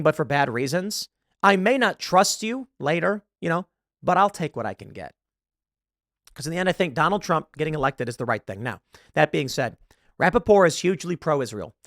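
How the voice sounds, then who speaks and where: A man hosting political commentary, animated and opinionated, recorded on a close studio mic. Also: on the high side, no room sound. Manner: animated, opinionated, self-correcting. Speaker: host.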